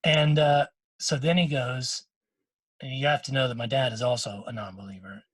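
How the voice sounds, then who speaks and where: A middle-aged man talks on a podcast with a husky, slightly breathy voice at an ordinary pitch. He tells a heartfelt story in loose, restarting sentences and slips briefly into other people's words. The sound is close and dry, with no room around it. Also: steady tone, normal speed, a bit bright, no echo. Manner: emotional storytelling with many restarts; quotes others in short bursts. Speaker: podcast co-host. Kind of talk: casual podcast chat.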